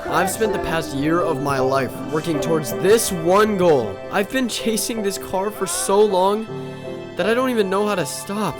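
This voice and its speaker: A man's voice: sits high, lively intonation, moderate pace. A young man narrating his vlog in a casual, slangy way, talking straight to his viewers. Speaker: vlogger. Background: music.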